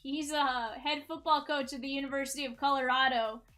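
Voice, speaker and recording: A woman hosting a live card-break stream, hyping each card she pulls and shouting out viewers in the chat. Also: high-pitched, fairly even intonation, brisk. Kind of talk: live-stream sales patter.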